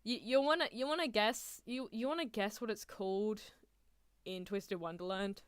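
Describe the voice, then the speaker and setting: A woman's voice: medium pitch, normal speed, clear, resonant tone, no room sound. A young woman chatting casually and laughing often as she reacts to an anime on a stream, talking close to a desk mic.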